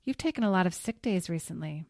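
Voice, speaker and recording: A woman's voice: on the low side, expressive, quick pace, darkish tone, dry recording, clean studio sound. A woman voicing a stern, disapproving school administrator.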